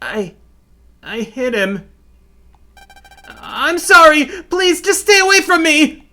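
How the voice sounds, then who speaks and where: A man's voice: very high-pitched, very animated, slow, bright, forceful tone, exaggerated voice. A man voicing a timid young schoolboy who sounds nervous and apologetic.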